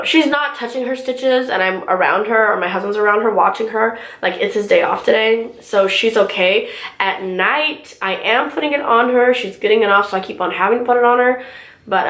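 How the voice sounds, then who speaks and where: A woman's voice: a little high, a bit bright. A young woman telling a story in casual, filler-filled chat while doing her makeup at home. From California, US. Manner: chatty, filler-heavy storytelling. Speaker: beauty vlogger. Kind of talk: casual get-ready-with-me chat. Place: room at home. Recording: roomy home recording.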